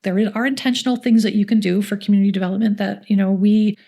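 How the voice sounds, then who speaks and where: Speaking quickly in a steady, mid-range voice, a middle-aged woman with a Canadian accent shares stories during an interview. She runs a youth community centre and warmly imitates the voices of the people in her anecdotes.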